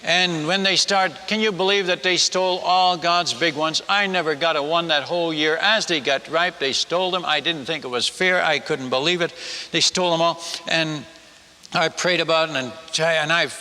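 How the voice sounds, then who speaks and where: A man telling a personal story in a sermon, chatty and animated, stumbling over restarts and asking the audience questions. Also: fairly high pitch. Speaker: missionary preacher. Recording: echoey hall.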